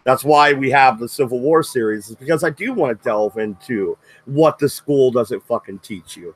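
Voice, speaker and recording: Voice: mid-range voice, moderate pace, husky, no room sound, low-quality recording. Blunt, swearing young stream co-host. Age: young adult. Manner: blunt, swears freely, reads chat questions. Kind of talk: casual debate with swearing.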